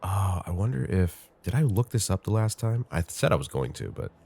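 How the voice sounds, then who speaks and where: A man's voice: low voice, big pitch swings, moderate pace, gravelly, darkish tone, breathy edge. A male gaming host with a congested voice, chatting casually and rambling with lots of fillers while he plays. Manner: rambling, chatty, thinks aloud with many fillers. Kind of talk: casual gameplay commentary.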